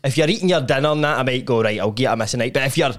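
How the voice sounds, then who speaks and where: A man's voice: medium pitch, racing. A man hosting a podcast, chatting loosely and prodding his guest with questions. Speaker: podcast host. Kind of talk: casual chat.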